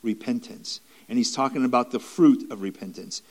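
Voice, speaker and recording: A man's voice: mid-range voice, normal speed, a little mellow. A man preaching a sermon in an earnest, repetitive way, with restarts and rising emphatic stretches.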